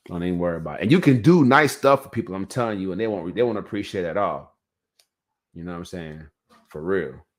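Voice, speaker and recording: A man hosting a podcast, telling a story in a rambling, slangy way and talking straight to his viewers. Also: low-pitched. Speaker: podcast host. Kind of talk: casual storytelling monologue.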